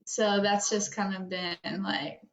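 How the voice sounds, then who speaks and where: A young woman appears as a guest in an emotional personal conversation, close to tears and rambling with many fillers and nervous laughs. Her mid-range voice stays fairly level in pitch and she takes her time. The recording sounds roomy, dull, and lo-fi, with a little hiss or hum.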